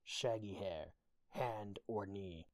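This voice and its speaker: A man's voice: fairly low pitch, slow, a little mellow, dry recording. A man voicing a cold, threatening young woman who talks in curt, level threats, read as a storybook audiobook. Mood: menacing.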